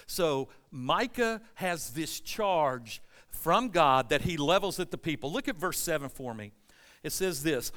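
A man preaching a sermon, reading scripture and explaining it, swinging from loud emphatic stretches to quiet asides. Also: fairly high pitch, a little slow, in a large hall. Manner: animated preaching, rising loud at emphasis, dropping soft. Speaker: pastor.

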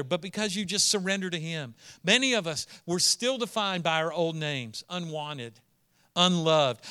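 A man preaching a sermon as pastor, moving between quiet storytelling and earnest, emphatic declarations. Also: high voice, measured pace, smooth.

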